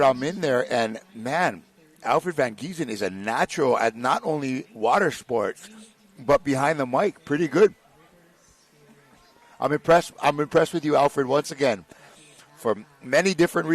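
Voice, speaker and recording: A man's voice: mid-range voice, moderate pace. A man doing live race commentary in a joking, laid-back way. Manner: joking, laid-back, calls people bro.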